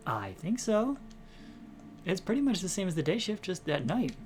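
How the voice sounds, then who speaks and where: A man's voice: high voice, big pitch swings, normal speed, a little mellow, pitched above the performer's own voice. A man doing a jittery young junior doctor. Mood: eager. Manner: jittery, calling out nervously. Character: anxious young junior doctor on a night shift. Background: game music.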